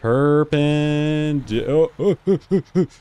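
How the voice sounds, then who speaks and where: A man's voice: a little high, takes it slowly, background noise. A young man giving casual gameplay commentary, talking to the other drivers and swearing now and then. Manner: animated, talks to other drivers, frequent exclamations and swearing. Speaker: gaming video host.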